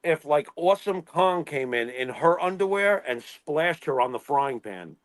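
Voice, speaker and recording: A man's voice: a little high, expressive, a little slow, a little hiss or hum. A man co-hosting a casual wrestling talk show, sarcastic and swearing freely. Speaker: co-host.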